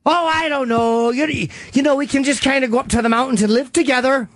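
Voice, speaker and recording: A man's voice: very high-pitched, steady tone, brisk, fairly bright tone, no room sound, voice pushed up. A man voicing a naive middle-aged woman in a put-on folksy accent, as a comedy bit on a talk show. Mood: dreamy.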